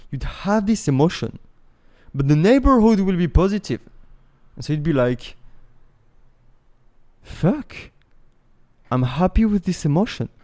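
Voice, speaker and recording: A man teaching a meditation technique in a casual, animated way, explaining step by step and swearing now and then. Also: fairly high pitch.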